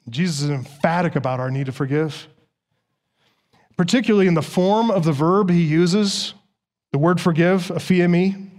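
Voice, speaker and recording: A pastor delivering a sermon to his congregation. The man's voice sits high for a man, and he leans hard on key words, repeating them for stress. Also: normal speed, darkish tone.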